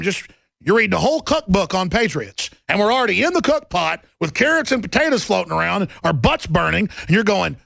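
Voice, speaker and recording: A man giving a sarcastic, comedic ranting monologue with animated storytelling. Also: high-pitched, fairly quick, creaky, no room sound.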